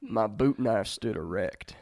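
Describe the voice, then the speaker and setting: Slow, wry podcast man. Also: lowish voice, animated, darkish tone. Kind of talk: casual chat.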